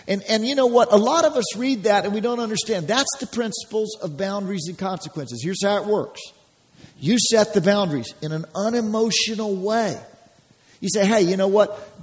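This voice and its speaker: A man's voice: sits high, a little fast. A male preacher giving a folksy sermon, acting out everyday scenes and rallying the congregation. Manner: folksy, acts out scenes, rallies the crowd.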